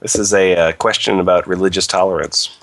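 Sarcastic male host, bright voice, dry sound. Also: low-pitched, steady tone, brisk, gravelly, no room sound. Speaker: podcast host. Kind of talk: comedy podcast banter.

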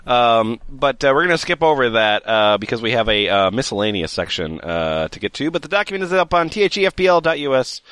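A man hosting a loose comedy podcast, his bright voice swinging widely in pitch. He stops often for ums and uhs while he steers the chat. The sound is close and dry. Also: very animated, fairly quick, few pauses, smooth, no echo. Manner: hesitant, many ums and uhs. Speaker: podcast host.

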